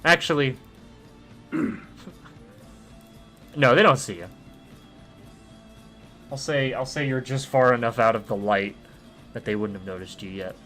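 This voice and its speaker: Young guy dm'ing over voice chat, bright voice, lots of uhs, faint music behind. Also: medium pitch, steady tone, moderate pace, pauses often. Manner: easygoing, many "uh" fillers, vivid combat narration. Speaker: dungeon master. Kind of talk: narrating a tabletop game online.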